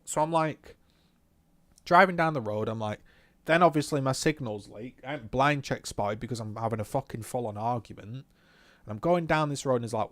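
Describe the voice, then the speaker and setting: A young man telling a story in a swearing, animated rant about a driving lesson, talking from his car. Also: mid-range voice, fairly quick, no room sound. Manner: swears often, animated retelling. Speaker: vlogger. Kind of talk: casual ranting recount while driving.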